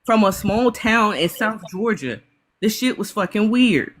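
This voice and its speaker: A woman giving heated reaction commentary, ranting fast and full of swearing, upset and apologizing. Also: mid-range voice, expressive. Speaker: panelist.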